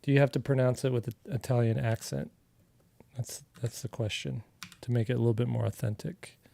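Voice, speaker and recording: A middle-aged artist from Arizona, USA, teaches a digital coloring tutorial live, chatting in a relaxed way as he works, with filler words and restarts. His mellow, warm voice sits at a middling pitch, a little fast and creaky. The recording is close and dry, with no room sound.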